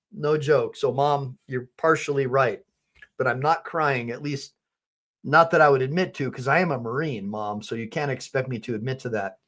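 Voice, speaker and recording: A middle-aged man hosting a livestream, rambling casually and talking straight to his viewers, his eyes watering from allergies. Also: on the high side. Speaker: host.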